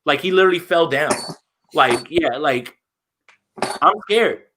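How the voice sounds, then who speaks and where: A man co-hosting a casual football chat, animated and opinionated, with frequent restarts. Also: a little high, unhurried, background noise. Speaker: podcast co-host.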